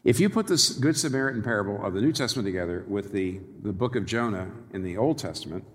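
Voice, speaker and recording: A male preacher gives an animated, wry sermon, chuckling at the ironies he points out. His fairly low voice moves fast and swoops, rising and dropping sharply for emphasis. The sound rings with long reverb, as in a large church hall, with slight background noise.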